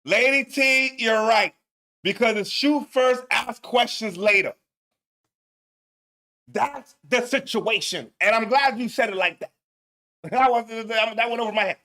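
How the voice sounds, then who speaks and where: A man. He is loud and animated, curses heavily and repeats himself as he talks. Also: extremely high pitch, a little slow, pauses often. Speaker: show host reacting to clips. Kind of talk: profane live reaction commentary.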